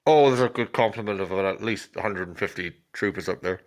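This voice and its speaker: Man doing a curt imperial trooper, lowish voice. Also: quick pace. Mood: matter-of-fact. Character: male imperial trooper, blunt and dutiful.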